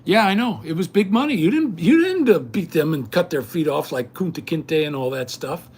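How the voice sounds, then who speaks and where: A man's voice: on the high side, expressive, brisk, breathy edge. An older man hosting a livestream, ranting indignantly and rambling straight at his viewers. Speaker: livestream host. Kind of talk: casual rant to viewers.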